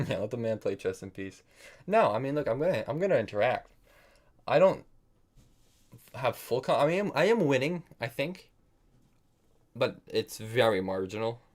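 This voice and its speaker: A man at an ordinary pitch for his sex streams a chess game and talks through his moves as he plays. He is quick to call his own mistakes stupid, then turns to answer his viewers' chat in easy, casual banter. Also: sing-song. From United States. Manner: thinks aloud, self-critical, chats with viewers. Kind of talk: casual live-stream commentary while playing.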